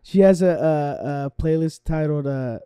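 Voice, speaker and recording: A high-pitched man co-hosts a casual comedy podcast with a mellow, smooth tone. He giggles a lot, stumbles over his words and keeps firing off questions, recorded dry and close. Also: a little slow, no echo. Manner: giggly, stammering, asks lots of questions. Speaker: podcast co-host.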